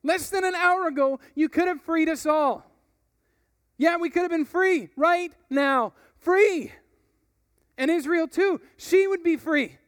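A man playing a furious male soldier who shouts his frustration at his leader, read dramatically from a book. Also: very high voice, unhurried, dry recording, studio quality, in a large hall, pitched above the performer's own voice. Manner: loud, shouting, pleading. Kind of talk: dramatic reading of a book passage.

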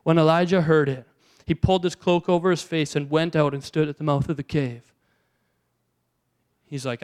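High, smooth-voiced male preacher. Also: fairly even intonation, normal speed, a little mellow. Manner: conversational preaching with rhetorical questions. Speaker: pastor. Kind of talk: sermon.

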